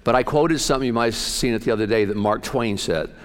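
A man's voice: mid-range voice, fast. A male pastor preaching in a folksy, joking, conversational way, telling stories. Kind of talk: sermon.

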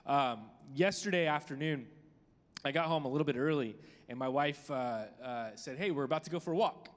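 A man's voice: a little high, a little fast. A man in his thirties preaching to a group, telling a personal story in a chatty, self-deprecating way with many fillers. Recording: long hall reverb.

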